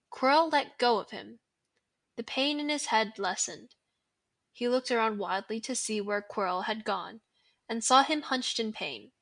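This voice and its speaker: Slow, bright-voiced young woman reading aloud. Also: fairly high pitch. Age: teens or young adult. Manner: expressive, dramatic reading. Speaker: guest reader.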